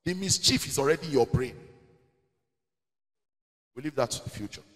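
A man's voice: mid-range voice, moderate pace, fairly bright tone, in a large hall. A man with a Nigerian accent, preaching as a pastor in a church question-and-answer session, emphatic with Pidgin asides. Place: church hall.

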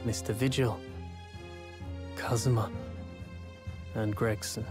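Man with measured narration over music. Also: on the low side, fairly even intonation. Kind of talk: story narration reading.

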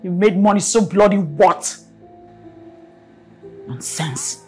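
A woman's voice: medium pitch, slow, slightly rough, faint music behind. A Nigerian woman acting a domineering wealthy mother who scolds in repeated bursts. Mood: angry. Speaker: mother of the house. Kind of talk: film drama acting.

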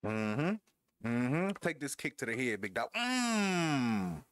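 A man playing a wrestling game talks to his viewers through a headset, laughing and taunting his opponent in a casual way. His mid-range voice is slow, sing-song, and a little bright.

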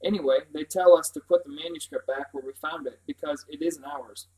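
A man reads the part of a bossy older boy in a storybook. He talks in a sharp, scornful way and is quick to dismiss others. His voice sits a little high. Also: steady tone, close to an everyday voice, rough recording. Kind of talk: reading a novel aloud.

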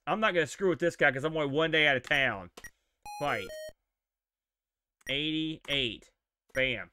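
A man giving casual, animated live-stream commentary while playing a retro game, exclaiming and joking at it. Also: fairly high pitch, a little slow.

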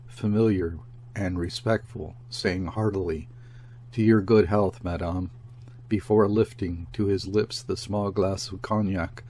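A man narrating a classic story as an audiobook reader, in a measured, unhurried way. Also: low voice, a little mellow. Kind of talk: scripted literary narration.

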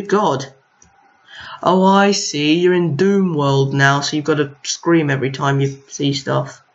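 A man's voice: on the high side, steady tone, measured pace. Young guy rambling over his game, teasing the monsters, kinda muffled cheap mic. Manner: chatty, talks to enemies on screen, mild exasperation. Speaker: gaming video host. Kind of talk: casual gameplay commentary. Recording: lo-fi home mic.

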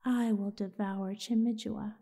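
A woman voicing a gruff, menacing male monkey lord in a whispered storybook role-play, curt and demanding. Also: medium pitch, level tone, measured pace, warm tone.

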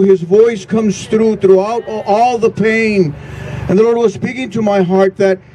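A man's voice: sits high, mellow, a little hiss or hum, poor audio. A grieving man, a pastor, giving an earnest prayer vigil address with a repetitive preaching cadence.

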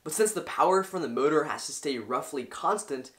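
A man's voice: a little high, expressive, a little fast, fairly bright tone. A young man hosting a science video, explaining in an eager, enthusiastic way. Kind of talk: educational explainer.

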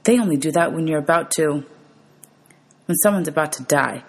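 A woman's voice: sits low, moderate pace, breathy edge. A woman reading aloud, voicing a nervous, touchy young male satyr who snaps back defensively. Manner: defensive, bleating retorts.

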